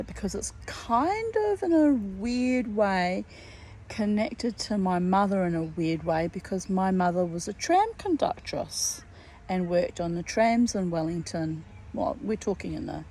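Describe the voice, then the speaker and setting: Blunt chatty lady in her 50s, lowish dark voice, bit of background hiss. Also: rough recording. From New Zealand. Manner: blunt, chatty storyteller with swearing. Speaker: vlogger. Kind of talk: casual rambling monologue. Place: garden outdoors.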